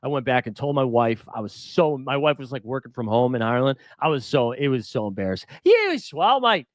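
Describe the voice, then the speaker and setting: A man's voice: medium pitch, fast, no room sound, clean studio sound. A man hosting a casual fantasy baseball stream, rambling and self-deprecating, chuckling as he talks. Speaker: fantasy baseball show host. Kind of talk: casual live-stream chat.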